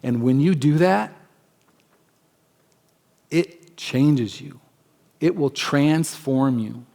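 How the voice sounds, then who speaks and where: A man preaching a sermon as pastor in a church, conversational and emphatic, acting out quick asides in other voices. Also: medium pitch, gravelly, mellow. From United States. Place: church sanctuary.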